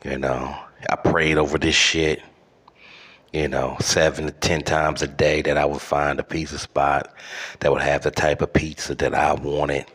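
A podcast host with a rumbling low, fairly bright voice delivers a profane solo rant full of exaggerated outrage and lots of fillers.

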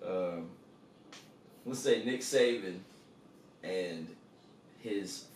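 A man's voice: sits low, extremely slow, a little hiss or hum. A man co-hosting a podcast in casual chat, talking in a laid-back, rambling way. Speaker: podcast co-host. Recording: roomy, distant mic.

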